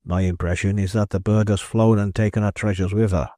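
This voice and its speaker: A man voicing a brisk, sarcastic male police sergeant in a storybook reading, dry and dismissive. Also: on the low side, fairly even intonation, dark tone, no room sound, lightly acted.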